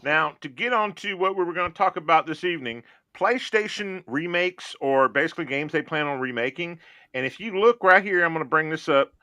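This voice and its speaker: Man, podcast host, casual chat, rambling and joking, bright tone, dry recording. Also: fairly high pitch, lively intonation, brisk, dry recording. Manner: joking, rambling, thinks aloud.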